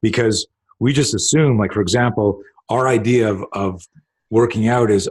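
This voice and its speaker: A middle-aged man, a self-defense coach, telling stories in a casual interview, rambling and animated, acting out quotes with swearing. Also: on the low side, moderate pace, breathy edge. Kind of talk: casual storytelling in a podcast interview.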